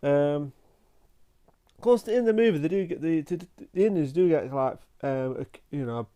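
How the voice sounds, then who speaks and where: Male channel host, casual film review, mellow warm tone, meandering delivery full of restarts. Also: fairly high pitch. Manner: rambling and halting, with frequent restarts and "like" fillers.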